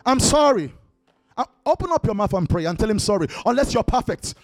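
This pastor's voice sits high and darkish, and he talks fast and very animatedly. Preaching without any echo, he drives his congregation with repeated commands and breaks into worship song, with worship music under the close, dry mic.

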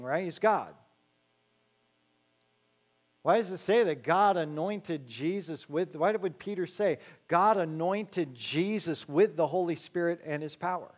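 A male pastor with a fairly high voice preaches a sermon, moving between slow, weighty phrases and quick conversational stretches. He drops in joking asides and keeps checking in with his listeners. A faint hum sits under the recording. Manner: slows to stress key phrases, then rattles along quickly.

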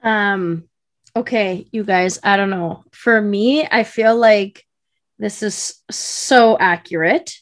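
A woman's voice: medium pitch, takes it slowly. A woman co-hosting a casual chat podcast, talking in a passionate, rambling way full of fillers. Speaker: podcast co-host.

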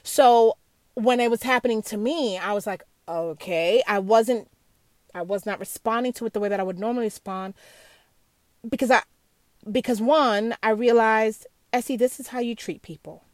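A woman's voice: a little high, steady tone, moderate pace, no echo. A middle-aged woman sharing a candid, earnest personal reflection on faith, emotional and full of restarts and asides.

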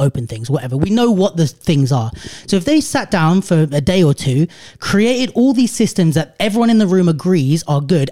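A man's voice: fairly high pitch, mellow. A man hosting a podcast in casual chat, rambling and thinking aloud with restarts. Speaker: podcast host.

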